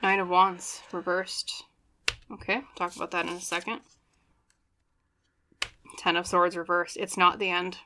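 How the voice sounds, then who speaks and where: A woman's voice: lowish voice, level tone, unhurried, pauses often, bright, forceful tone, a little hiss or hum. A woman giving a pick-a-card tarot reading, chatty and earnest, often checking in with "okay?" and apologizing as she goes. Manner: earnest and apologetic, openly emotional. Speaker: tarot reader.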